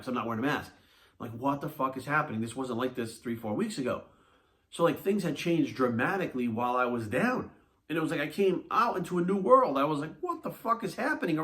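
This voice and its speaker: A man who talks quickly. He is a fitness coach telling a personal story straight to his viewers. He is blunt and animated, and he swears freely. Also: mid-range voice. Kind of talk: casual monologue to camera.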